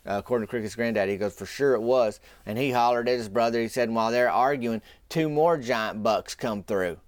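A podcast host tells a rambling, folksy story in a casual way, sometimes dropping into a whisper. His mid-range voice moves fairly quickly and sounds smooth, recorded with clean studio sound and no room echo.

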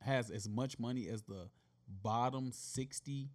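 A man's voice: medium pitch, measured pace, a little mellow. Tipsy, rambling man in casual chat. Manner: rambling, joking, a bit tipsy. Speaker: podcast co-host.

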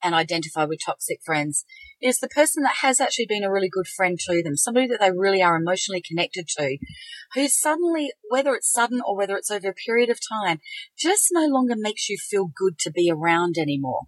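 A woman's voice: mid-range voice, big pitch swings, quick pace, no room sound, poor audio. A middle-aged woman co-hosting a conversational podcast, reflective and sharing her own experiences. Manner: reflective, shares personal experience. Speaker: podcast co-host.

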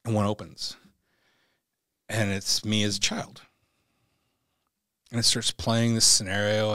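A man's voice: lowish voice, little pitch movement, slow, pauses often, sharp tone, no echo, clean studio sound. A man, a podcast guest, telling a vivid, profane story and acting out the voices in it. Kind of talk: animated storytelling.

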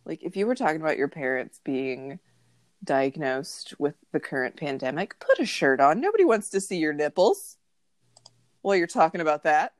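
A woman's voice: low-pitched, big pitch swings, moderate pace, dry recording, studio quality. A woman co-hosting a podcast, chatting casually with a sarcastic, gossipy manner. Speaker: podcast co-host. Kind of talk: casual chat.

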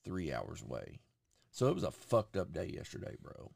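Cussing guy on a podcast, pitch jumps all over, dry close sound. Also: normal speed, creaky, no room sound. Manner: profane, animated storyteller who acts out quotes. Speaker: podcast host. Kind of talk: casual storytelling chat.

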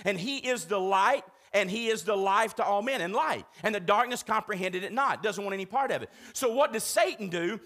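A male pastor with a strikingly high, bright voice delivers an urgent, emphatic sermon in a church. He presses his points again and again and keeps calling out to the congregation for a response. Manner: emphatic preaching, urgent and repetitive, calls out to congregation.

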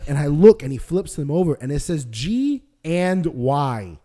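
A young man co-hosting a podcast, telling a story with excitement, laughing and swearing, and acting out the people in it. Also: on the high side, moderate pace, few pauses. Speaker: podcast co-host. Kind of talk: animated storytelling chat.

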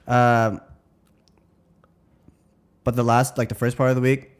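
A man co-hosting a podcast in casual chat, joking and mostly agreeing in quick back-and-forth. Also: medium pitch, level tone, clean tone. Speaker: podcast co-host.

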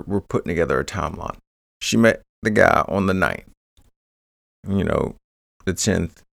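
A man's voice: low-pitched, gravelly, dry recording, clean studio sound. A man hosting a true crime podcast, rambling through the case with joking asides. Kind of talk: casual true crime narration.

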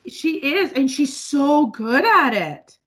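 A high, bright-voiced woman from the northern US, chatting casually as a podcast co-host. She talks loud and fast, laughs a lot, and swears without a second thought. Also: sing-song. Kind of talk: casual chat.

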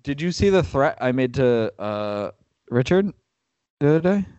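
A man's voice: medium pitch, sing-song, normal speed, a little mellow, clean tone, no echo. A young man co-hosting a podcast, wry and teasing, mocking himself. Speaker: podcast co-host. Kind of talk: casual banter. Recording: dull dry lo-fi sound.

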